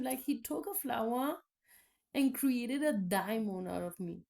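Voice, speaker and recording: A woman's voice: on the high side, animated, measured pace, creaky, a little mellow. A woman whose first language is Spanish gives a personal faith testimony in a candid, rambling way, full of fillers and restarts. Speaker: vlogger.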